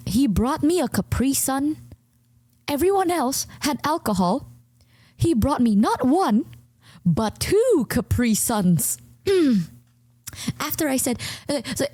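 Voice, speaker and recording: A young woman streamer, not a native English speaker, telling a rambling, animated story in casual chat with many fillers. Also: measured pace, no room sound. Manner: rambling, animated, full of fillers, jumps high when telling stories.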